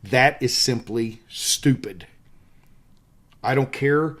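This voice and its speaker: A man's voice: medium pitch, takes it slowly, a bit bright. A man in his fifties with a Southern US accent, an instructor giving emphatic, casual photography advice and repeating his key points. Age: 50s. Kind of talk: casual teaching monologue.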